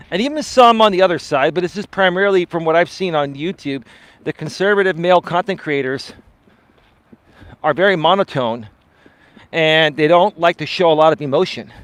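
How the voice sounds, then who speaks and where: A man, a life coach, chatting live with viewers while out on a walk, swinging his pitch up and down and often asking "right?". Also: fairly bright tone, no echo. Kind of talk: live-stream chat answering viewer comments. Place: outdoors on a walk.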